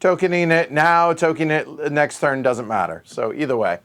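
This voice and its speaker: A man's voice: fairly high pitch, moderate pace, a bit bright. A middle-aged man playing a solo board game, counting aloud under his breath and correcting himself as he thinks. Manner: muttering, self-correcting. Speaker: board game show host.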